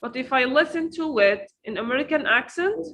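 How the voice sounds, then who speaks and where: A woman teaching pronunciation in an online lesson, repeating each word slowly to drill it. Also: high voice, expressive, fairly bright tone, rough recording. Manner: slow, repeats words to drill them.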